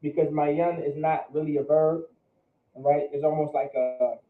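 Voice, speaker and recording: A man's voice: fairly high pitch, fairly even intonation, unhurried. A man teaching a vocabulary class in a conversational way, often asking his students questions and repeating words for them. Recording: echoey room over phone-like line.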